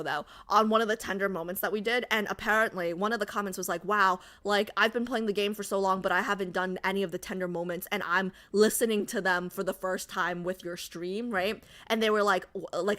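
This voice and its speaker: A woman's voice: mid-range voice, pushed and bright. A woman streamer in casual livestream chat, joking and reading out and answering her chat. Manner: chatty, jokey, reads and answers chat aloud.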